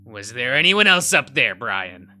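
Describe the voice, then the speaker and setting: A man voicing a manic, menacing male weasel with a gun who taunts and shouts. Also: mid-range voice, big pitch swings, unhurried, faint music behind, heavily acted. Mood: taunting.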